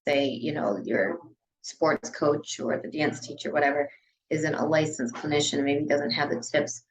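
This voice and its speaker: Low-voiced chatty woman. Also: steady tone, a little slow, poor audio. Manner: chatty, frequent "you know" and "like" fillers. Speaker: dance studio director. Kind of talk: casual podcast conversation.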